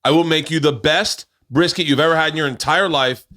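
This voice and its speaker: A man's voice: a little high, brisk, sharp tone. A man in his forties hosting a podcast from his home studio, chatting casually in a rambling way and swearing freely. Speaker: podcast host. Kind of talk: casual chat.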